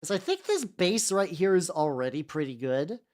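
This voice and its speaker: A man's voice: high-pitched, sing-song, moderate pace, a little mellow. A young man streaming as a VTuber, chatting casually and rambling while he paints miniatures, with frequent restarts and self-deprecating jokes.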